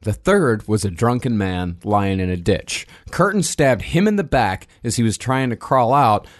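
A man's voice: mid-range voice, lively intonation, moderate pace. Man narrating a true-crime story. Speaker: podcast co-host, storyteller.

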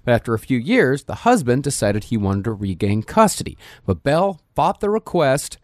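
Male podcast host, scripted true-crime narrator, wry, animated intonation. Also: mid-range voice, moderate pace, dry recording, studio quality.

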